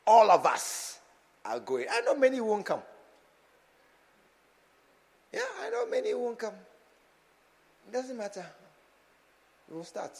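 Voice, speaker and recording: A man preaching a sermon as a pastor, swinging from quiet asides to shouted exhortation. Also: medium pitch, big-room sound.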